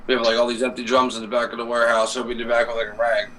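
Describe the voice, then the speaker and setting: A man co-hosts a casual live stream, rambling, swearing and using lots of fillers. His mid-range voice is very fast, flat and fairly bright. The mic is distant, with faint noise.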